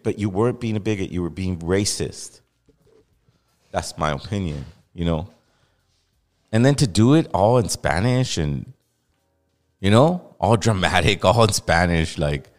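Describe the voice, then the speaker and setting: A man's voice: low voice, animated, measured pace, pauses often, in a large hall, faint music behind. A man from Los Angeles hosting a podcast, giving blunt, heated commentary with repeated emphasis. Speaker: podcast host. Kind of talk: casual opinionated commentary.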